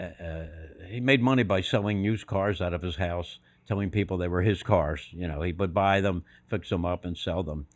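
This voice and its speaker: Older man, podcast guest, casual storytelling, animated, acts out quoted voices, fillers and restarts. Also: sits low. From Philadelphia.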